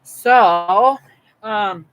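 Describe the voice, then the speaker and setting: A woman's voice: medium pitch, very slow, a bit bright, poor audio. A middle-aged woman, telling a rambling, folksy story to her livestream viewers from home. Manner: chatty, folksy, meandering. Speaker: homestead livestream host. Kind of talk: rambling live-stream storytelling.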